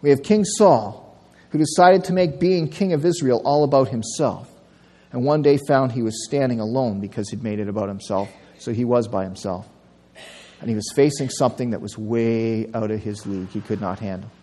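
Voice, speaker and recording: A male pastor preaching a sermon, telling a story with lively delivery and acting out the quotes. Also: medium pitch, normal speed. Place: church sanctuary. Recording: long church reverb.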